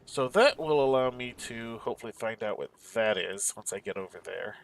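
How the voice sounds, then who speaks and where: A man's voice: mid-range voice, animated, moderate pace, vocal fry. A man giving casual, mumbling let's-play commentary, musing aloud to himself as he searches around a game map. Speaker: gameplay commentator.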